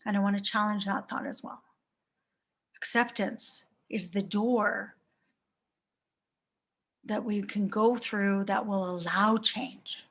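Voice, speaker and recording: A woman's voice: mid-range voice, fairly even intonation, slow pace, pauses often, fairly bright tone. A woman in her thirties, a life coach giving a reflective live talk to viewers and asking many rhetorical questions.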